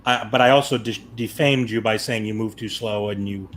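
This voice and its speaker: A man hosting a casual chat show, telling a long story in a rambling way and acting out his own panicked shouts. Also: on the low side, steady tone, moderate pace, a little hiss or hum. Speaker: show host.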